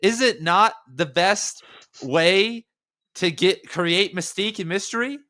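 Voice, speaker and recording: A man's voice: high voice, slow pace, pushed and bright. A man hosting a casual podcast conversation, musing aloud in long rambling stretches full of fillers. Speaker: podcast host.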